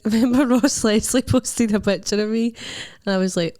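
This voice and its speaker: A woman's voice: mid-range voice, brisk, hardly any pauses, mellow. A young Scottish woman co-hosting a comedy podcast, chatting bluntly and laughing often. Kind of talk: casual chat.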